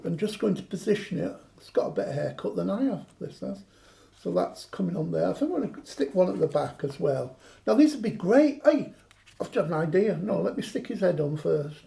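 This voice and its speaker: A man's voice: sits high, lively intonation, fairly quick, creaky, dark tone. A man chatting through a craft demonstration, joking and poking fun at himself. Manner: joking, self-mocking banter.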